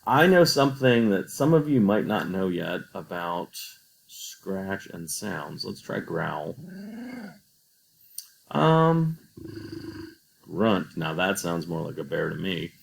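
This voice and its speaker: A man's voice: sits low, big pitch swings, slow pace, creaky, pauses often, rough recording. A man teaching a coding tutorial over a screen recording, patient and explaining each step.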